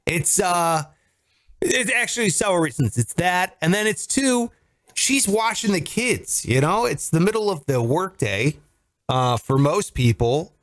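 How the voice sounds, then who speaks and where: A man in his thirties hosts a casual podcast with a lively, bouncing delivery, his voice sitting a little higher than most. He jokes and teases his co-hosts in easy, animated banter. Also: a little slow. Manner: joking, animated, teasing. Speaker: podcast host.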